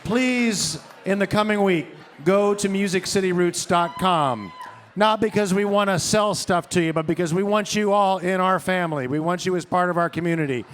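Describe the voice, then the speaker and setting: A man's voice: high voice, moderate pace, fairly bright tone, some chatter behind. A man giving enthusiastic, promotional wrap-up announcements on a live concert stage. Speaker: show interviewer.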